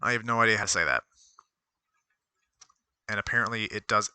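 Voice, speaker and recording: A man streams casual commentary from a desk at home, his voice very bright and clean. The sound is dry and close. He rambles, reads aloud, and talks to himself, often stopping to correct a word. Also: on the low side, a little fast, smooth, dry recording. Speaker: streamer reviewing stocks.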